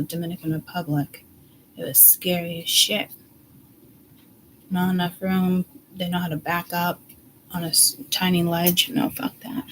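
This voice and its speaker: A middle-aged woman talks her way through a tarot reading in a loose, rambling style. Her voice sits on the low side. She is chatty and blunt and swears freely, with faint background noise behind her. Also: low-quality recording. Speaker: psychic tarot reader. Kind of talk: casual rambling intuitive reading.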